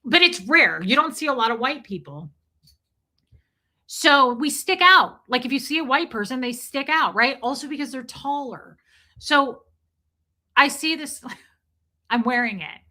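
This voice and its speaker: A middle-aged woman hosts a casual livestream in a high-pitched, animated voice with a sharp tone, keeping a measured pace and taking long pauses. She chats, tells rambling stories, and reads viewers' comments aloud as she answers them.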